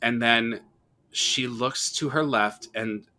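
Man, podcast host, bright voice, casual movie chat, animated. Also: mid-range voice, slow. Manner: animated storyteller, acts out quotes. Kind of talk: casual horror movie discussion.

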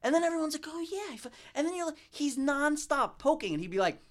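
A man's voice: very high-pitched, sing-song, fast talker. A man in his thirties, a podcast guest, rambling through casual chat with lots of fillers and swearing. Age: 30s. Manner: rambling, full of fillers and swearing, breaks into impressions.

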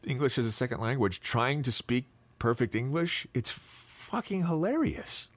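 A man's voice: medium pitch, moderate pace. A man co-hosting a podcast, telling a story casually and with energy on a studio mic. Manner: animated storytelling. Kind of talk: casual chat.

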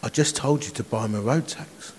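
A man voicing the calm, firm inner voice of a divine spirit, speaking quietly and matter-of-factly. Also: normal speed, a little hiss or hum, lightly acted. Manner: quiet, low, matter-of-fact. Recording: echoey conference hall.

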